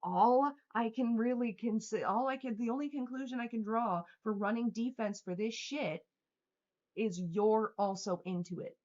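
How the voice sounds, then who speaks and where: A woman's voice: fairly high pitch, normal speed, darkish tone. A young woman livestreaming, ranting angrily at her chat in a heated, profane, sarcastic way. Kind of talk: angry livestream rant reading chat. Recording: dull lo-fi stream audio.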